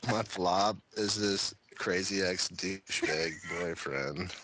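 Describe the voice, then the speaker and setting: A man's voice: low voice, takes it slowly, noisy background. A man in a casual podcast chat, blunt and teasing. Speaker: podcast co-host.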